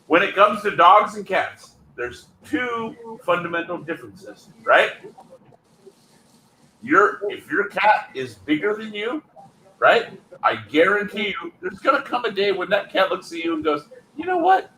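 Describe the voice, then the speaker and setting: A man's voice: high voice, expressive, a little slow, pushed and bright, echoey room, slight background noise, low-quality recording. A man on a call-in show who gets worked up, interrupts, and insists on finishing his point. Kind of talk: casual call-in show chat.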